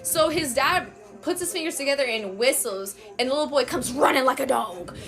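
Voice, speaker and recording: A young woman telling casual stories in a blunt, profane and animated way. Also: sits high, a little fast, music in the background. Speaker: storyteller. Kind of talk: casual storytime.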